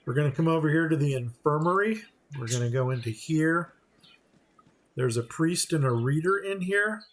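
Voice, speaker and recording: Casting note: a chatty male gameplay commentator with a slightly high voice, explaining as he plays. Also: expressive, moderate pace, a bit bright. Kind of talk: casual let's-play commentary.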